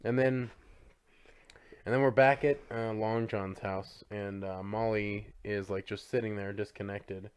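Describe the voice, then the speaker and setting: A man's voice: fairly low pitch, fairly even intonation, unhurried, smooth. A man co-hosting a podcast, casually retelling a film's plot with lots of fillers. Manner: rambling, filler-heavy retelling. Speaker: podcast co-host. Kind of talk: casual film recap chat.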